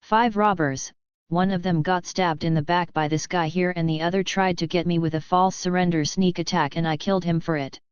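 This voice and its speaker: A woman's voice: lowish voice, fairly even intonation, a little fast, clean tone, no echo, muffled recording, natural voice. A woman reader voicing a brash, reckless young male adventurer who talks bluntly and cracks jokes. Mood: matter-of-fact. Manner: wisecracking, blunt.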